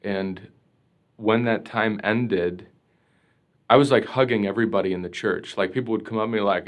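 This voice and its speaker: A priest being interviewed, telling a personal story in an earnest, reflective way, full of casual fillers. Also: male voice, fairly low pitch, brisk.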